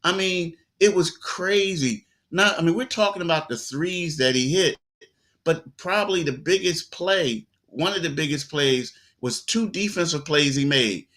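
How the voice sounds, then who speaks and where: A man co-hosting a sports talk show, telling stories in a loose, animated way with lots of quoted asides. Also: fairly high pitch, measured pace.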